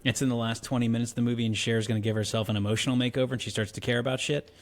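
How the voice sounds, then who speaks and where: A man co-hosting a podcast, telling stories in animated casual chat, saying "dude" and "like" a lot. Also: mid-range voice. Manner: fast, animated storytelling with "dude" and "like". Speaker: podcast co-host.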